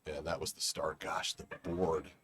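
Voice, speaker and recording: Very deep-voiced man reminiscing. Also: steady tone, moderate pace, a bit bright. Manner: reflective, rambling storyteller. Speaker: former board member. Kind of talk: casual conversation. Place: outdoor garden bench.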